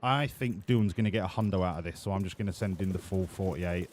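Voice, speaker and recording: A man's voice: low voice, fast talker, hardly any pauses, a little mellow, a little hiss or hum. A man streaming a game, talking in a crude, rambling, sweary way. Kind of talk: casual gameplay commentary.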